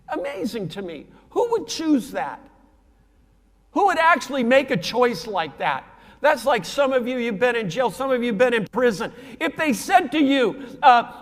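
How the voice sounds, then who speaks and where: Pastor guy preaching loose and chatty, really high voice, big echoey church hall. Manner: animated, conversational preaching with slang and quoted dialogue. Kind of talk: sermon. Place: church sanctuary. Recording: long hall reverb from a church sanctuary.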